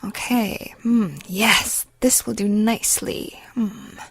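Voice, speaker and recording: A woman reading the part of a creepy, sadistic little man who mumbles and leers with soft menace. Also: mid-range voice, steady tone, slow pace, a little hiss or hum. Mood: gloating. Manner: mumbling, leering, softly menacing. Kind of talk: audiobook character reading.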